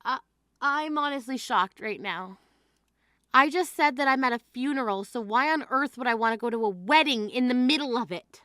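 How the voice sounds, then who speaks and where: A stern, indignant grieving sister, played by a woman in a dramatized text-message story, scolding with a high, bright, sharp-edged voice. The recording is dry and close, with no room sound. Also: moderate pace, dry recording. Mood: exasperated. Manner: scolding, exasperated.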